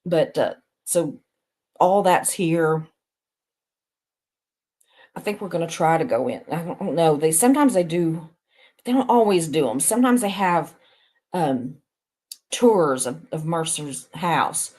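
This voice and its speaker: Woman, lowish voice, chatty livestream host who rambles and laughs easily. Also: animated, a little slow, long pauses, darkish tone. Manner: talks to viewers reading chat. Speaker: live stream host.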